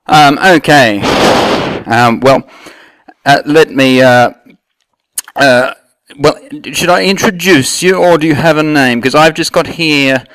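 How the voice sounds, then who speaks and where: A man's voice: fairly high pitch, takes it slowly, fairly bright tone, smooth, dry recording, poor audio. A man with an Australian accent hosts a mock talk show in a rambling way, full of fillers and trailing sentences. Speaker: host.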